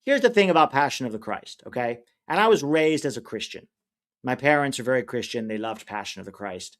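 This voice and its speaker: Hosting a livestream watch-along, this man speaks at a medium pitch, animated and a little fast, chatting casually while reading comments from viewers. His manner is opinionated yet easygoing: he rambles, offers easy opinions, and frequently forgets names halfway through a sentence.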